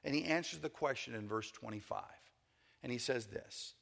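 A man preaching a sermon in a conversational way, checking in with the congregation often and rising in pitch for emphasis. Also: normal speed, gravelly, fairly bright tone. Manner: conversational preaching, frequent "okay?" check-ins; repeats words and restarts, rises in pitch for emphasis.

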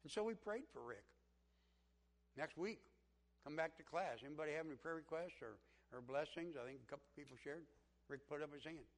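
A man's voice: on the high side, brisk, pauses often. A man preaching a sermon as pastor, telling a story in a conversational way.

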